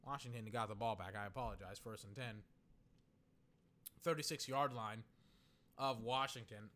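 A young man giving casual live football commentary, swinging from muttered play-by-play to loud, exasperated rants. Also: mid-range voice, moderate pace. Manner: excitable, ranting, swings between muttered play-by-play and loud outbursts. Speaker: sports commentator.

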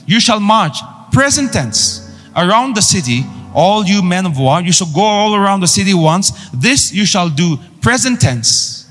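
A man's voice: high-pitched, very animated, a little slow, fairly bright tone. A man preaching a sermon with emphatic, call-and-response delivery. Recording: long hall reverb with faint music.

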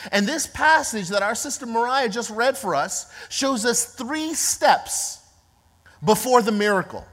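A woman pastor delivers a sermon, slow and emphatic, repeating her points and building to shouts. Her voice is bright and swings widely in pitch. It rings with the long reverb of a large church hall. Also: animated.

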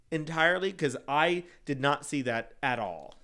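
A man's voice: fairly high pitch, unhurried, few pauses, clear, resonant tone. Blunt, swearing man in casual chat. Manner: blunt, swears, quotes people in animated put-on voices. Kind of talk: casual chat recapping a reality show.

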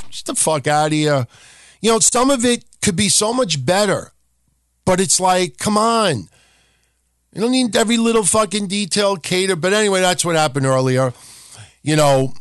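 A man's voice: high-pitched, fairly bright tone, no room sound, studio quality. A man hosting a podcast, ranting casually and sarcastically with constant swearing and mocking impressions. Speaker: podcast host. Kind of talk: casual rant.

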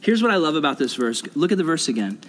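Young man, youth pastor, earnest sermon, fairly high voice, long hall reverb. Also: sing-song, quick pace. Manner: questions the audience, earnest.

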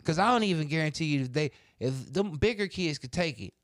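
A man casually telling a story in a lively, profane, drawling way. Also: on the high side, brisk, no echo, studio quality.

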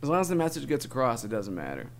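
A man's voice: mid-range voice, wildly swooping pitch, quick pace, slight background noise. Young male podcast co-host, easygoing, laughs a lot, says "dude". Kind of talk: casual chat, spelling bee game.

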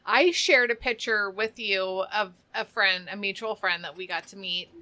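A woman's voice: medium pitch, normal speed, bright, forceful tone, no room sound. A woman co-hosting a live chat, talking casually and giggling, often trailing off mid-thought. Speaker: co-host.

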